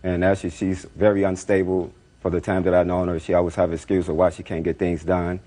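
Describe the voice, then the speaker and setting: Brief: deep-voiced male defendant, fast and rambling courtroom testimony. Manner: rambling, repeats himself, animated retelling.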